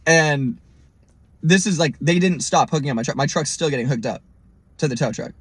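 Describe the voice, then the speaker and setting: A young man hosting a podcast, telling a story in an animated, profane way and mimicking the people in it. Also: on the high side, normal speed, husky. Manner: animated, profane, mimics others in quoted lines. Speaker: podcast host. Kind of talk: storytelling monologue.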